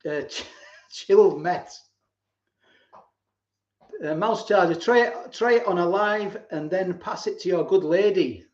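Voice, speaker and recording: A man's voice: high voice, unhurried, long pauses. A man in his forties hosting a live stream. He tells stories in a rambling way, repeats words and often chuckles. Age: 40s. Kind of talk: casual live-stream chat and storytelling. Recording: roomy, dull lo-fi home stream.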